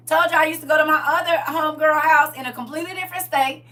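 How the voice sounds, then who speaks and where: A woman's voice: high voice, quick pace, distant mic. A woman host telling stories to a live audience in a casual, emphatic, slangy way. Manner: animated, emphatic, slangy storytelling. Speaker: livestream host.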